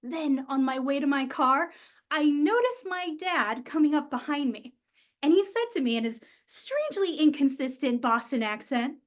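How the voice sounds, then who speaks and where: A woman giving a humorous storytelling speech, wry and self-mocking, with dramatic pauses and sighs. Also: high voice, expressive. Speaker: club speaker. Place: event hall.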